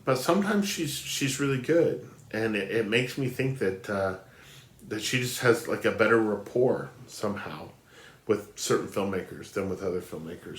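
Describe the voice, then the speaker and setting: A man's voice: on the low side, reverberant. Stuffy-nosed man rambling about films. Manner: chatty, rambling with many fillers and restarts. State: stuffy, nasal from a cold. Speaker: film blogger ranking films. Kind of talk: casual spoken film review.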